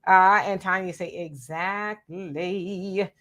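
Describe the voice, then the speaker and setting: A woman from Southern California co-hosting a live stream, chatting casually with viewers and telling animated stories. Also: on the low side, takes it slowly. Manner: animated, talks straight to viewers, tells stories. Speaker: co-host of a live stream show.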